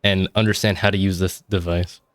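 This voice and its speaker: A man's voice: sits low, flat delivery, brisk, no echo. A man narrating as game master, teasing his players in a joking manner. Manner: joking, teasing, laughs often.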